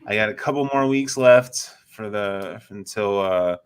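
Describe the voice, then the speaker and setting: Chill guy on a podcast, kinda low voice, blunt, swears. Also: measured pace, clean tone. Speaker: podcast co-host. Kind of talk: casual chat.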